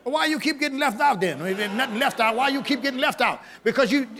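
Shouting, gravelly high-voiced preacher. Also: male voice, fast talker, slight background noise. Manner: shouting, call-and-response, repeating words. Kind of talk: sermon. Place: church with congregation.

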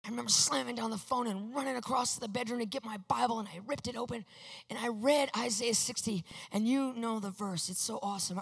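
Woman preacher, fairly high voice, emphatic testimony sermon, long hall reverb. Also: fast talker, gravelly, husky. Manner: emphatic, swings from hushed to loud.

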